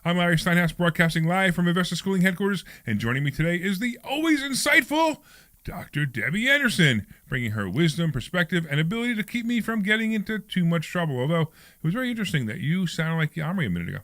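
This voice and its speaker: A man hosting a radio talk show, joking fast and animatedly with his co-host in the studio. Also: high-pitched, big pitch swings, a bit bright, no room sound. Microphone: studio microphone.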